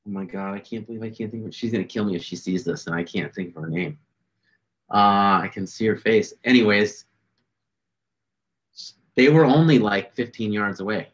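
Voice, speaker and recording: A man telling fishing stories in a casual podcast chat, animated and full of fillers. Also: on the low side. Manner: animated, fast storytelling with fillers. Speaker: podcast guest, bass angler. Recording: dull lo-fi sound.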